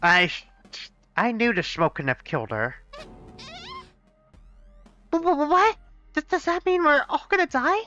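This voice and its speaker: Excitable, swearing young man gaming. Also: very high voice, measured pace, long pauses, faint music behind. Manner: excitable, swearing, mock-outraged. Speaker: let's play gamer voicing a fan game. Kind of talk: live game playthrough with character voices. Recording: dull, dry close-mic sound.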